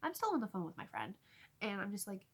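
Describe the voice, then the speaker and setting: A young woman vlogger telling a storytime story in an animated way, often laughing as she talks. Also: medium pitch, fast talker, husky. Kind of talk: storytime vlog.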